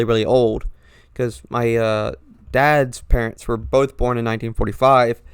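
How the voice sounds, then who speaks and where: A man's voice: mid-range voice, smooth, no echo. Young man, mixed Northern-Southern US accent. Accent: mix of Northern and Southern US. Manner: halting, with frequent restarts and trailing pauses. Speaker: podcast host. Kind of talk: casual rambling monologue.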